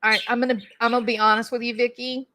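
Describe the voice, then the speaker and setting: A middle-aged woman hosts a casual livestream from home, reading chat and addressing viewers by name in a folksy way. She talks very fast in a slightly high, sharp voice with a flat delivery, and there's a little hiss or hum.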